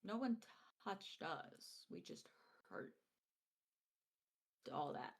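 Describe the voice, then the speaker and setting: A woman playing a calm young woman in a tabletop game, steadily reassuring a scared friend. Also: on the low side, drawn-out words, gravelly, slight background noise, full character voice. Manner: plain, steady, with filler words.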